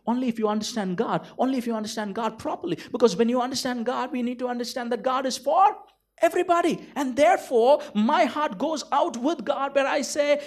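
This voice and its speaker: Man, pastor giving a sermon, fairly high voice, emphatic, rhetorical questions, lots of "you know". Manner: peppers speech with "you know" and "right?".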